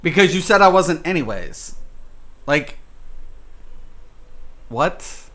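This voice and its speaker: A man's voice: fairly high pitch, sing-song, slow pace, fairly bright tone. A man streaming a game, venting in a rambling, exasperated way and often breaking into laughter. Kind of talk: casual live-stream chat.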